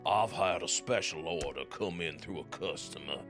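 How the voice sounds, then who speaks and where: Man putting on a low merchant voice, measured, businesslike, bright tone, faint game music. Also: close to an everyday voice. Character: male town merchant taking special orders.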